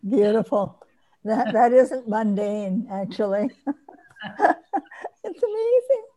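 A woman facilitating a group sharing circle over a video call, talking in a gentle, affirming way. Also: on the high side, animated, takes it slowly, poor audio. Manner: gentle, affirming, warmly encouraging.

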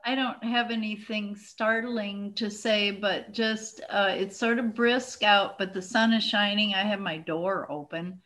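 A woman sharing on a group video call, talking in a hesitant, soft-spoken and earnest way. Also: medium pitch, fairly even intonation, a little slow, hardly any pauses. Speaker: circle participant. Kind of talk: casual sharing.

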